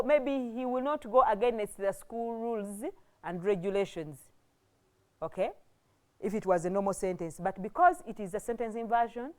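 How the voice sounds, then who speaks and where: A woman with a Ugandan English accent teaching a classroom grammar lesson, explaining step by step and asking rhetorical questions. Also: on the high side.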